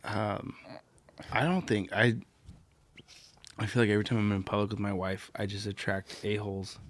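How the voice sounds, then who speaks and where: A man's voice: on the low side, fairly even intonation, slight background noise. A man telling a story in casual chat, blunt and outspoken. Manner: blunt, fast-talking storyteller.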